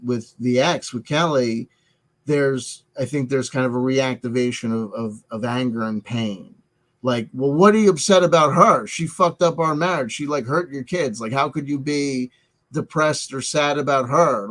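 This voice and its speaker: A middle-aged man talking through a personal confession in a halting, rambling way, full of restarts and filler words, wearing headphones. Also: mid-range voice, low-quality recording. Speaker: vlogger. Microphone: headset headphones.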